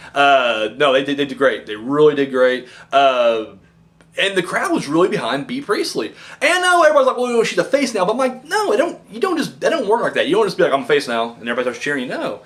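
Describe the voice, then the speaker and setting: A man giving a rambling, casual wrestling review, swearing often and acting out what the wrestlers said. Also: mid-range voice. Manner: rambling, animated, profane, acts out wrestlers' lines. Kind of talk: casual commentary.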